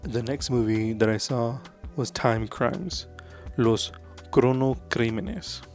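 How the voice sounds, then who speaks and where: Casual male vlogger at mid pitch, rambling and earnest, over faint music. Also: fairly even intonation, slow pace. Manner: loose and rambling, full of "like" and "um" fillers; earnest and enthusiastic about films. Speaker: vlogger reviewing movies. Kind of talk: casual movie review chat.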